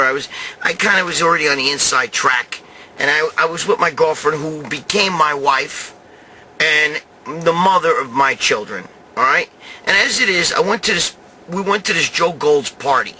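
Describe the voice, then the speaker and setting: A man's voice: on the high side, pushed and bright, slight background noise. A swearing, rambling tough-guy storyteller man. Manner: rambling, swears constantly, street-tough bravado. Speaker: show host telling a story. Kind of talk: profane storytelling monologue.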